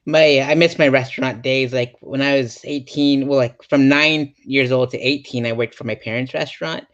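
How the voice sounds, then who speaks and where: A man hosting an interview podcast, chatting in a relaxed, conversational way. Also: mid-range voice, normal speed. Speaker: podcast host. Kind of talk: casual interview chat. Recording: dull lo-fi sound.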